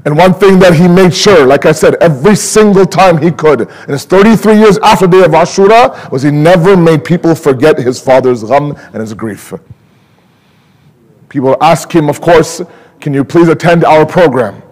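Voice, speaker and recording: A man speaking at a mourning gathering, telling a sorrowful story with emotion and slowing down to stretch words for emphasis. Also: a little mellow, long reverb tail, low-quality recording. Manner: emotional, rising to high pleading pitch in grief passages. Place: community religious center.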